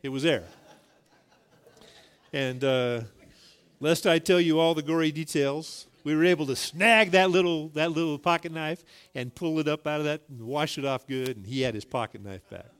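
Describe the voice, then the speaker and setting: Middle-aged man, pastor, sermon, folksy storytelling, emphatic, fairly high voice. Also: normal speed, clear, resonant tone. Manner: folksy storytelling, emphatic and rising on key points.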